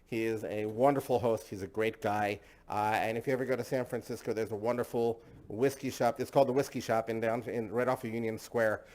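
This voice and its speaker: A man's voice: fairly low pitch, fairly even intonation, fairly quick, hardly any pauses, darkish tone. A man hosting a casual tasting discussion, enthusiastic and chatty, often repeating himself. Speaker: host.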